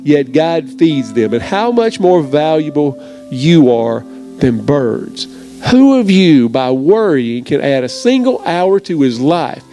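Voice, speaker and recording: High-voiced earnest preaching man. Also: darkish tone. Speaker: pastor. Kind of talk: sermon to camera.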